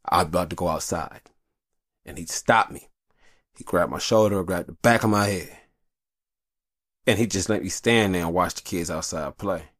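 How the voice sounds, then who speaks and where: A man's voice: low-pitched, moderate pace, pauses often, dry recording, clean studio sound. A man hosting a show, talking in a rambling, profane, confessional way from a hot upstairs room. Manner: profane, rambling, animated storyteller. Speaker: show host. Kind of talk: casual confessional monologue.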